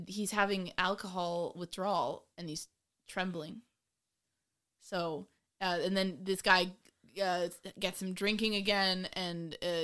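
A woman co-hosting a casual movie-review chat, ranting in an animated, exasperated way with swearing and mocking voices. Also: on the low side. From of Irish descent. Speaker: podcast co-host.

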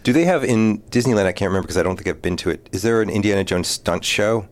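A man's voice: fairly low pitch, quick pace. A middle-aged man telling family stories in a casual chat, often breaking into laughter.

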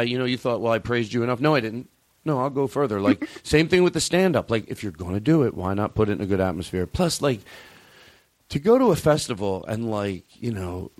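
Comedy podcast host, male, lively pitch, jokey showman riffs. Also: no echo. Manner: animated, jokey, swings into mock showman bravado. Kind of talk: casual comedic banter.

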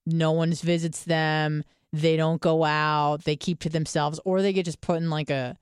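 A woman's voice: sits low, flat delivery, a little slow, clear, resonant tone, no echo, studio quality. A young woman co-hosting a podcast, chatting casually, rambling and swearing with lots of fillers. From United States. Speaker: podcast co-host. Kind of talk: casual chat.

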